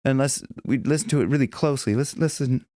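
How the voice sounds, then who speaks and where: A man teaching a casual singing lesson, chatting loosely and breaking into high sung examples and bits of vocal fry. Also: fast, mellow, dry recording, studio quality. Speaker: vocal coach.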